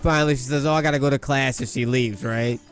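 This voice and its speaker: Young male gamer-storyteller, mid-pitch, boastful and profane, low music bed. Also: fairly even intonation, fast, clear, resonant tone. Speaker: gaming YouTuber. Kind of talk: casual storytelling over gameplay. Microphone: gaming mic at a desk.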